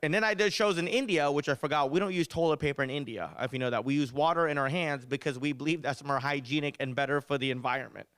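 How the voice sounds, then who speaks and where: A young man doing a stand-up comedy set, telling animated stories with punchy delivery. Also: a little high, fast talker, hardly any pauses, dry recording. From United States.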